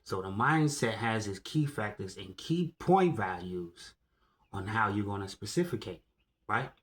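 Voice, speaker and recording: A man giving a slow, deliberate motivational monologue, often pausing to ask "right?" and correcting himself. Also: on the low side, animated. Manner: slow, deliberate, keeps asking "right?" and restarting words. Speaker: motivational speaker. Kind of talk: slow solo monologue to camera.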